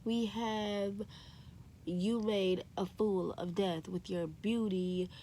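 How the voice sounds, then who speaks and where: A young woman chatting casually to camera in a book vlog, excitable and full of "like" and "y'all". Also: medium pitch, takes it slowly, slight background noise. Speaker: book vlogger.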